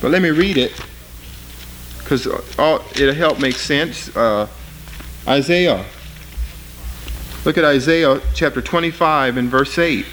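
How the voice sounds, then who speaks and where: A man preaching a sermon, reading scripture with rising force and then explaining it in plain, halting talk. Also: a bit bright, a little hiss or hum, poor audio. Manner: rises in pitch and volume reading scripture aloud; plain spoken, with fillers and restarts between readings.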